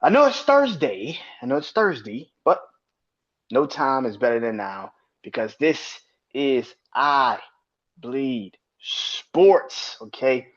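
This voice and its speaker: A man in his thirties hosting his own sports podcast, talking loosely and swearing freely, his voice jumping high when he rants. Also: lively intonation, takes it slowly, fairly bright tone, muffled recording. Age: 30s. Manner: loose and profane, rants with sudden high-pitched outbursts. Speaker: podcast host. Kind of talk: casual solo sports podcast.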